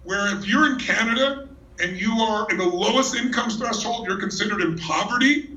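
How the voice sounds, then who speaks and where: Man, motivational speaker, high voice, energetic storyteller, roomy hall, distant mic. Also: moderate pace, highs cut off. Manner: energetic storyteller, teasing and emphatic. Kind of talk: motivational stage talk. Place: large hall with a live audience. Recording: echoey hall from far off.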